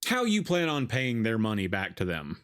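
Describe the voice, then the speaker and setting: A man's voice: on the low side, normal speed, clean tone. Guy hosting a podcast, chatty and bouncy, laughing and cussing as he goes, voice all over the place. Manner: animated, laughs often, swears casually. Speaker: podcast host. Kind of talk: casual chat while watching a film.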